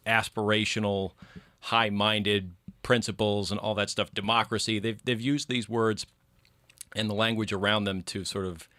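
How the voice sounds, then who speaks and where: A male podcast guest speaking in a measured, articulate way about politics. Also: lowish voice, bright, forceful tone, no room sound. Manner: measured, articulate, some restarts. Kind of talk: casual political chat.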